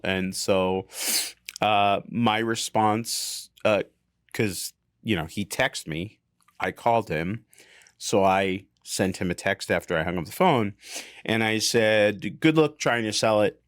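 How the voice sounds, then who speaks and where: A man's voice: fairly low pitch, smooth, no room sound, clean studio sound. A man co-hosting a podcast, telling a story in casual chat, full of fillers and swearing, and acting out the lines he quotes. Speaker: podcast co-host.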